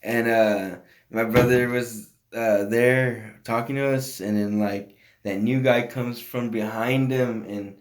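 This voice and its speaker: A man's voice: medium pitch, steady tone, takes it slowly, noisy background. Laid-back rambling man. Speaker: podcast co-host. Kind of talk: casual chat. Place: house used as a home studio. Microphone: phone.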